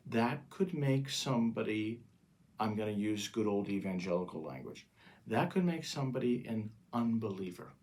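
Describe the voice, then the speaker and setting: A man co-hosting a podcast as a pastor, talking in a casual, earnest way and slowing down to stress his points. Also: lowish voice, lively intonation, a little mellow. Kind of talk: casual chat.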